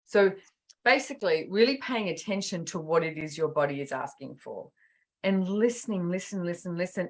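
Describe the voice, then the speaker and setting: A woman's voice: fairly low pitch, normal speed. A middle-aged woman, chatting casually as a podcast host and acting out quotes as she tells stories. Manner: animated storytelling with acted-out quotes. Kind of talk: casual chat.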